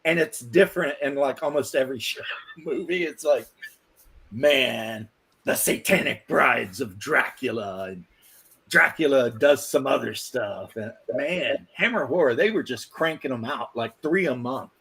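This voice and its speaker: A man's voice: medium pitch, lively intonation, a little slow, gravelly, a bit bright, slightly rough. A man hosting a casual online chat, rambling and laughing often, on a desk microphone. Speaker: host.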